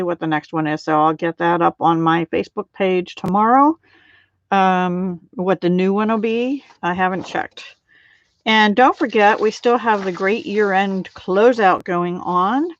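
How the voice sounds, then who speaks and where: Chatty woman hosting a live craft stream. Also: mid-range voice. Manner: chatty, greets viewers by name, frequent ums and laughs. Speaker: card-making demonstrator. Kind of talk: casual live craft tutorial. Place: home craft room. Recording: dull lo-fi live stream audio.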